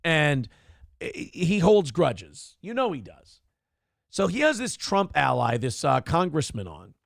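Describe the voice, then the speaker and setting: A man hosting a morning show, ranting with profane sarcasm in a high, gravelly voice. His pitch swings widely as he talks, and the sound is dry and close. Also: huge pitch swings, slow, no echo. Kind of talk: ranting commentary on news clips.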